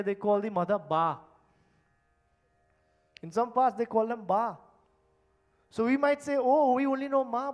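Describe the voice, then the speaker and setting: High-voiced preacher. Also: male voice. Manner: emphatic, swinging between loud stresses and hushed low endings. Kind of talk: sermon. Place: temple hall.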